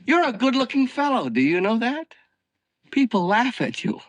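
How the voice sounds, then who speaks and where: An actor playing a theatrical, excitable young male doctor in a comedy film, declaiming grandly and then gushing with flattery. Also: very high-pitched, normal speed, no echo. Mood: flattering. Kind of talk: 1970s comedy film acting.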